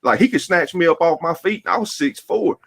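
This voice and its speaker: A man's voice: a little high, animated, brisk, vocal fry, crowd noise. A man, telling emphatic stories in a casual barbershop chat. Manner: storytelling, emphatic. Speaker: podcast co-host.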